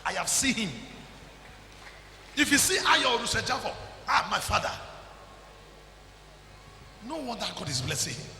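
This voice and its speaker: A man with a Nigerian accent preaching a sermon as pastor, calling people forward and shouting at the peaks. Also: extremely high pitch, very animated, moderate pace, gravelly, long pauses, roomy sound, long reverb tail, a little hiss or hum.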